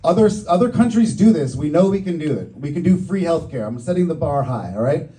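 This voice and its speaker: A man gives a lighthearted stump speech at a community event, cracking jokes between promises. His voice sits a little high but sounds mellow and soft-edged. He stands some way off from the microphone. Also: animated, fairly quick, far from the mic, poor audio. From Boston. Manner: joking, upbeat campaign delivery. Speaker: political candidate.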